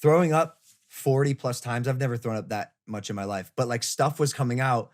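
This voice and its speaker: A man hosts a loose podcast chat from a hotel room while on the road. He tells his story in an animated way and swears freely. His voice sits at an ordinary mid pitch. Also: a little fast. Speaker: podcast host. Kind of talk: casual chat.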